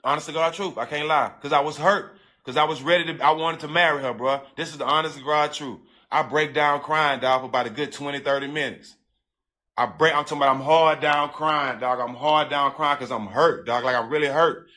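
A man's voice: fairly high pitch, fairly even intonation, bright, forceful tone. A man telling a personal story in casual, profane street slang, talking straight to his listeners and repeating himself as emotion builds. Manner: emotional, breaks into halting repeats.

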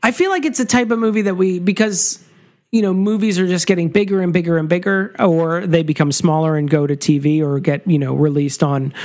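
A man co-hosting a casual movie-review podcast, talking in a relaxed, thoughtful way. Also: a little high. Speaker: podcast co-host.

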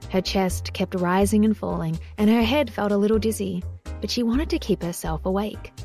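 A woman narrating an audiobook in an even, measured reading. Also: mid-range voice.

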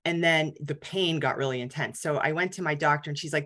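In her forties, a cancer survivor gives a guest talk sharing her personal story, candid and conversational with plenty of fillers. Her voice is low and slightly bright, and she speaks quickly with few pauses.

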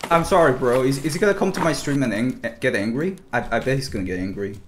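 A man streaming a shooter game, excitable and giggly, rambling commentary as he plays. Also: medium pitch, fast, background noise.

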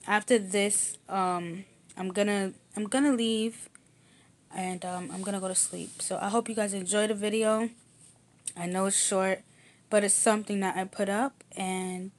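A young woman vlogger talking casually to camera, soft and rambling with many fillers and restarts, saying y'all a lot. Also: fairly low pitch.

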